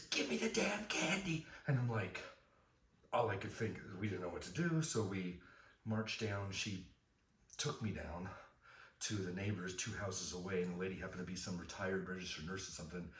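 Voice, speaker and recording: A middle-aged man from Southern California, rambling through a self-deprecating personal story with fillers and restarts. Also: low voice. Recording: roomy, from a distance.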